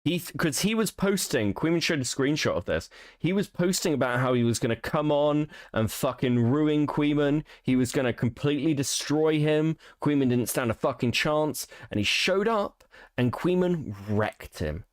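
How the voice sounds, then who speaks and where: A man's voice: fairly high pitch, animated, moderate pace, no echo, clean studio sound. A young British man hosting a stream, talking bluntly and rambling with plenty of swearing. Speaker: streamer host. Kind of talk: casual stream commentary.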